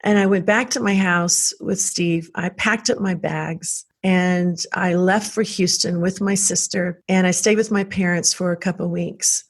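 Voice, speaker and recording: A woman's voice: fairly low pitch, fairly even intonation, unhurried, few pauses. Earnest woman telling her own story. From South Texas. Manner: earnest, emotional, reflective. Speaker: guest. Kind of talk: personal storytelling.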